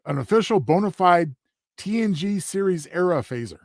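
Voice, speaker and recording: A man's voice: high-pitched, lively intonation, normal speed, dry recording, clean studio sound. Easygoing man co-hosting a review chat. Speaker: podcast co-host.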